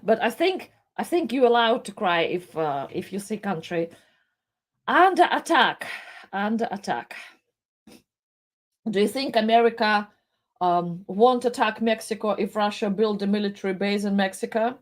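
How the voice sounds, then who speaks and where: A woman giving tearful, impassioned live commentary, pleading with halting restarts. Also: medium pitch.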